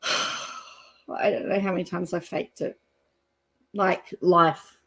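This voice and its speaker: A woman's voice: on the low side, fairly even intonation, takes it slowly, a bit bright, breathy edge. Chatty Australian woman live-streaming. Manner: chatty, reads out viewer comments, thinks aloud with fillers. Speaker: YouTube live-stream host. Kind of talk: casual live-stream commentary.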